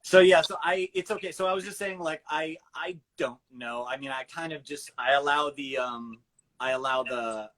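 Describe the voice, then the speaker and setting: A man's voice: a little high, normal speed, a bit bright, poor audio. A man, a voice actor, chatting casually on a video call in a hesitant, rambling way. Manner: rambling, hesitant, many restarts. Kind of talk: casual chat.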